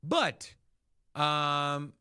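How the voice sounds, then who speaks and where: A man hosting a crypto livestream, talking casually and excitably, swearing freely. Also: fairly high pitch, drawn-out words, clear, resonant tone, dry recording, studio quality. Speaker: crypto show host. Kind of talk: livestream market commentary.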